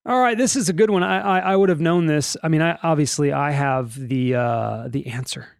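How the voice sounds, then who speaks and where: A man's voice: a little high, moderate pace, vocal fry, dry recording, clean studio sound. A man hosting a casual news podcast, rambling and joking through the stories with restarts and mock voices. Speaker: podcast host.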